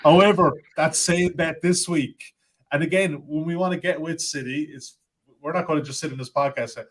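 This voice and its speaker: Relaxed male podcast host. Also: a little high, a little fast. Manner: conversational, loose, prompting guests with questions. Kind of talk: casual chat.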